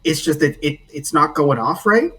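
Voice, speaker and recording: A man running a tabletop game as game master, narrating in a relaxed way full of fillers. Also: fairly high pitch, moderate pace, recorded from a distance, low-quality recording.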